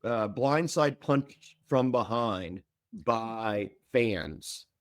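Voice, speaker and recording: A man in a podcast interview tells wild stories about himself in an animated, self-mocking way. He stutters over his words and leaps up high when he quotes other people. His voice sits at a middling pitch, recorded close and dry. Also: very slow, dry recording. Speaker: guest, former reality show contestant. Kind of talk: casual storytelling in a podcast interview.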